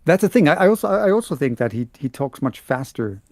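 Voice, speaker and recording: German man, halting casual chat. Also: on the high side, sing-song, darkish tone, dry recording, studio quality. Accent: Bavarian German. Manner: halting, many restarts and repeated words. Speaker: podcast co-host and audiobook narrator.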